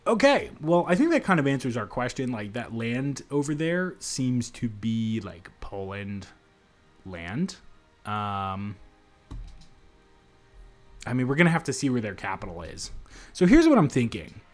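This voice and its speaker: A man's voice: medium pitch, sing-song, a little slow, long pauses. A man giving let's play commentary in a city apartment, thinking aloud in a rambling way with frequent restarts. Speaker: gamer.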